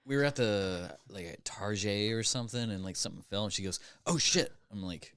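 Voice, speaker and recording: A man's voice: on the low side, brisk, clear, resonant tone, no room sound, studio quality. A man co-hosting a podcast in casual chat, dropping wry teasing asides. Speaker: podcast co-host.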